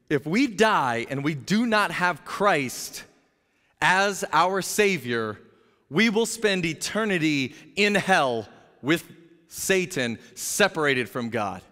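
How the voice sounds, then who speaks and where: A man preaching a sermon as pastor, telling a story in an energetic, jokey way and acting out the characters' voices. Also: a little high. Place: church sanctuary. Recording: long hall reverb.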